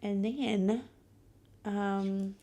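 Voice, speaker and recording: A young woman talks through her week on her own podcast, slow and unhurried, with a gravelly fry in her voice. She rants bluntly and swears freely as she tells her stories. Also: medium pitch, steady tone, very noisy. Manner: blunt, profane, ranting storyteller. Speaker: podcast host. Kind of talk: casual solo podcast monologue.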